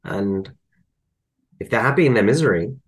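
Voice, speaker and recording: A man, chatting casually and telling animated anecdotes. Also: on the low side, moderate pace, slightly rough. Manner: animated storyteller, acts out voices in anecdotes. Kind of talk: casual conversation.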